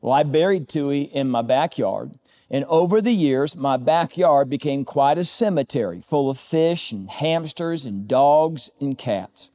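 A man with a slightly higher voice preaches to his congregation in a relaxed, conversational way. He mixes jokes with a personal story, and his voice drops lower and softer as he talks about loss. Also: unhurried. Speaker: pastor. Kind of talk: sermon.

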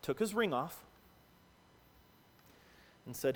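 Pastor, male, high voice, animated sermon storyteller, reverberant church hall. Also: moderate pace. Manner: animated, acts out quoted voices.

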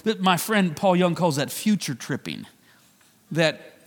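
A man's voice: sits high, fairly bright tone, in a large hall. A man preaching a sermon, talking conversationally with frequent restarts and repeated phrases. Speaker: pastor.

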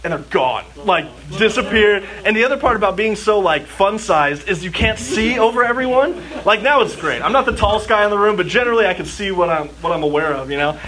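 A man's voice: high voice, sharp tone. A man from Southern California preaching to a live audience, telling a personal story in a chatty way with constant "like" and acted bits of his child self. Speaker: youth speaker. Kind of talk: storytelling sermon before an audience. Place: church gathering with live audience. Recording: audience noise in a hall.

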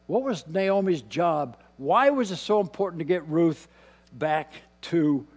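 High-voiced preacher in a reverberant hall. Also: male voice, lively intonation, measured pace. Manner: swings from hushed asides to loud emphatic preaching. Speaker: pastor. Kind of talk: sermon.

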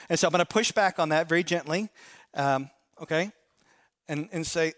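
A man preaching a sermon as a pastor, stressing key phrases by slowing down and acting out imagined prayers in a higher voice. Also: fairly bright tone.

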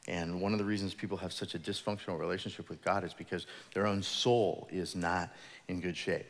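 A man who is a pastor, preaching a sermon in an animated storytelling manner, acting out the voices of people in his stories. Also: deep voice, brisk. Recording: long hall reverb.

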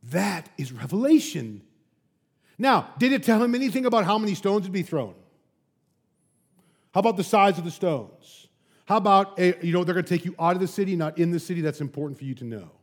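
Man, preaching pastor, high voice, swings between loud bursts and near-whispers, chatty asides. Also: fairly quick. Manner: emphatic, animated preaching with sudden loud peaks and soft drops; casual asides and rhetorical questions. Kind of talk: sermon.

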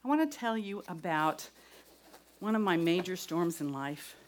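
A woman's voice: lowish voice, animated, unhurried, slight background noise. Earnest woman giving a devotional talk. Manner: earnest, shifts from loud to whispered. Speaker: speaker giving a testimony. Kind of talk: devotional talk with personal story.

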